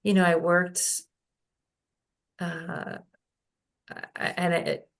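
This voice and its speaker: A woman talks through a personal story at a slow, measured pace. Her fairly low voice has a gravelly edge. She pauses, restarts and fills gaps with "um" as she goes. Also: level tone. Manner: unhurried, halting storyteller with many fillers and restarts. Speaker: guest, holistic healing practitioner. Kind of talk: casual podcast conversation, storytelling.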